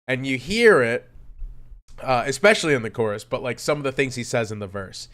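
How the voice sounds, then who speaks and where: Casting note: male streamer, mid pitch, rambling casual chat, heavy swearing, loudness all over the place. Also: brisk. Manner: rambling, profane, animated swings in loudness. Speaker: streamer reacting to music.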